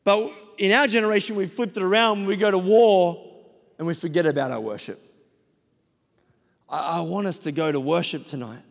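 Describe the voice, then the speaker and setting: A middle-aged man delivers a sermon in a fairly high voice, driving home his points with repeated exhortations. His voice carries the long reverb of a large church hall. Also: normal speed, vocal fry, long pauses. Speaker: pastor.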